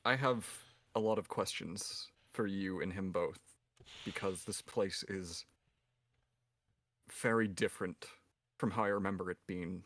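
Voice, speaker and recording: A man's voice: deep voice, unhurried, long pauses, fairly bright tone, dry recording. A man playing his character in a tabletop game, answering in character with earnest, slightly awkward replies. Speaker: player. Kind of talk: in-character tabletop role-play.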